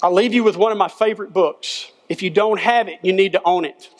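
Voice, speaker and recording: A man's voice: sits high, brisk. An older man, a former football coach giving an earnest, folksy chapel sermon to students in short, repeated phrases. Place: school chapel.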